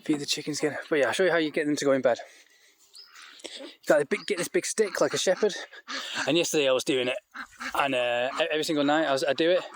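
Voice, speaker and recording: A man giving a casual walk-and-talk vlog outdoors in a farmyard, rambling and chatty with many restarts, and coaxing his animals in a higher voice. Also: a little hiss or hum. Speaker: vlogger keeping poultry on a farm. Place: outdoors in a farmyard by a duck shed.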